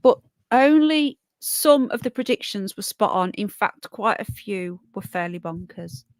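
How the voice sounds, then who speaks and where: A woman's voice: mid-range voice, lively intonation, measured pace, no room sound. A middle-aged woman hosting a casual livestream, reading out old newspaper predictions and chatting to viewers by name. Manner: chatty, greets viewers by name, reads aloud and comments. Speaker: livestream host. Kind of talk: casual live chat reading articles.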